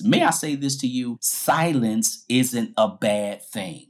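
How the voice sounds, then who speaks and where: A man hosting a podcast in a sermon-like style, speaking emphatically, slowing down and repeating his key points. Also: lowish voice, animated. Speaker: podcast host, preacher.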